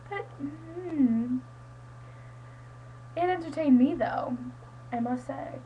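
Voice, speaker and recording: A woman's voice: high-pitched, animated, very slow, pauses often, a little hiss or hum, rough recording. A teenage girl chatting casually to a friend on her webcam, rambling with lots of "like" and "um". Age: teens. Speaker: student vlogger. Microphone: webcam mic.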